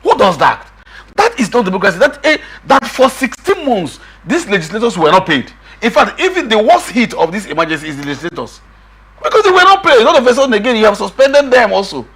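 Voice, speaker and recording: Middle-aged male guest, husky, high and animated, emphatic and insistent. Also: a little fast. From Nigeria. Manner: emphatic, repeats himself, quotes others in raised voice. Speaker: political guest. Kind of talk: animated political discussion.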